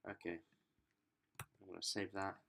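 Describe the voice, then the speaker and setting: A man's voice: sits low, little pitch movement, normal speed, creaky, a bit bright, slight background noise. A man talking informally through a screen-recorded coding tutorial, thinking aloud with frequent ums and self-corrections. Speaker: student developer demonstrating software.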